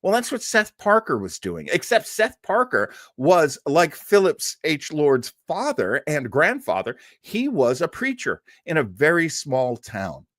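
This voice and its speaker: Lively, chatty male host from New England. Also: fairly high pitch, measured pace, few pauses, dry recording, studio quality. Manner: chatty and digressive, with frequent fillers and laughs. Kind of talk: casual storytelling commentary.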